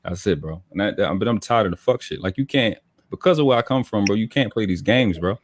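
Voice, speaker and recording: A man's voice: lowish voice, lively intonation, quick pace. A man with a Baltimore accent ranting with heavy profanity as a guest in a livestream talk. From Baltimore, USA. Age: adult with children. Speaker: podcast guest.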